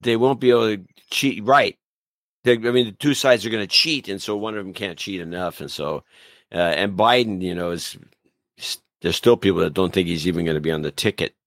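An older man speaking as a guest on a podcast in a halting, casual way, often restarting his sentences. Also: low voice, dry recording. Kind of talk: casual interview chat.

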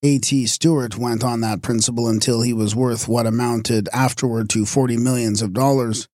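Man, declamatory lecture, sardonic, middle pitch, dry. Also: fairly even intonation, moderate pace, darkish tone, dry recording. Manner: sardonic, declamatory, scornful asides. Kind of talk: oratorical lecture with acted anecdotes.

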